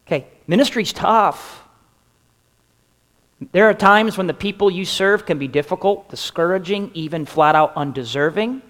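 A man preaching a sermon as pastor, asking the congregation question after question and letting his voice fall soft at the ends of phrases. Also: high voice, moderate pace, in a large hall. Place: church sanctuary.

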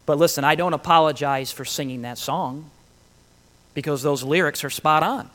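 A man preaching a sermon, emphatic and animated, with rhetorical questions and dramatic pauses. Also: on the high side. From Italian heritage.

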